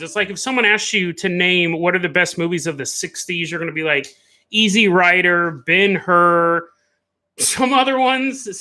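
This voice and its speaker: A man hosting a casual live stream, rambling and animated, laughing often as he chats. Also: high-pitched. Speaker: podcast host.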